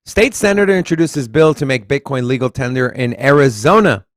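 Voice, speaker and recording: A man's voice: mid-range voice, expressive, brisk, no room sound, clean studio sound. A man from Texas with a Southern accent, co-hosting a casual crypto news chat, reading articles aloud and swearing casually. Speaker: podcast co-host.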